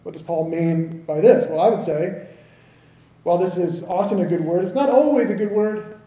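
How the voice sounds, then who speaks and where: A man's voice: high voice, moderate pace, dark tone, echoey room, low-quality recording. A man in his thirties from the American South, preaching a conversational sermon and often checking in with the congregation. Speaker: pastor.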